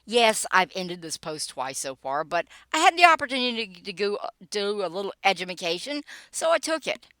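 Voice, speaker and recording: A woman's voice: mid-range voice, very animated, moderate pace, few pauses, sharp tone, no echo. An older woman reading her own political blog post aloud, wry and sarcastic, with dry asides. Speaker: political blogger and podcaster.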